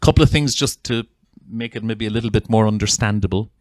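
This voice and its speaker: Speaking fast in a lowish, slightly mellow voice, this man from Ireland is a psychotherapist introducing a video in an informal talk to an audience. He is earnest and heartfelt but keeps restarting, and the recording is dry.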